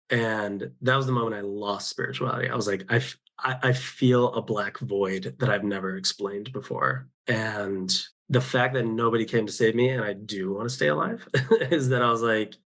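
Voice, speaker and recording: A man's voice: on the low side, a little fast, a bit bright. A man, a podcast guest, talking candidly about his own life in a rambling way, with frequent restarts and quoted thoughts, recorded at home. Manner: open, rambling, with many restarts and self-quotes. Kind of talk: candid personal storytelling.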